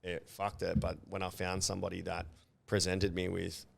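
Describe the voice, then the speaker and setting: A man's voice: deep voice, monotone, normal speed, gravelly, slight background noise. A man hosting a podcast, talking bluntly and swearing casually. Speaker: podcast host.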